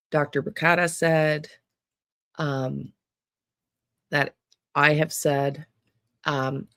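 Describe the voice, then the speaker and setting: An American true crime vlogger with a gravelly, creaky voice delivers a rambling monologue straight to viewers. The sound is close and dry, with no room in it. The talk keeps restarting and trails off into asides. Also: mid-range voice, a bit bright, no room sound. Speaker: true crime psychic channel host.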